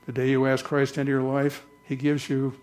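A man preaching a conversational church sermon, slowing down to read scripture aloud. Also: medium pitch, completely flat delivery, darkish tone. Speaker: pastor.

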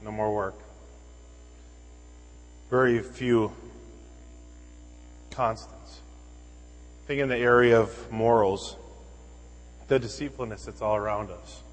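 A pastor preaching a sermon, telling stories in an animated way and acting out the voices of the people he quotes. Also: on the low side, slow, long pauses, in a large hall, low-quality recording. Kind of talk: sermon with storytelling.

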